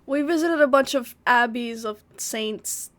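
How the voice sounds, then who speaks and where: A woman's voice: a little high, unhurried, a bit bright. A woman from the United States, slightly sick, chatting in a rambling casual travel vlog, full of restarts and filler words. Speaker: vlogger.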